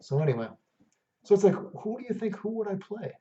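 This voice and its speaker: A man's voice: high-pitched, sing-song, a little fast, mellow, recorded from a distance. A man hosting a gaming video, delivering a heated, profane, rambling rant with lots of fillers. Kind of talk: unscripted rant to camera. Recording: dull lo-fi recording.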